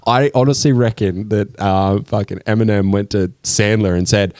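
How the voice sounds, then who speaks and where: A man's voice: fairly low pitch, steady tone, moderate pace, a little mellow, no room sound, clean studio sound. A man co-hosting a casual podcast, swearing freely and acting out film scenes as he retells them. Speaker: podcast co-host. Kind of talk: casual chat.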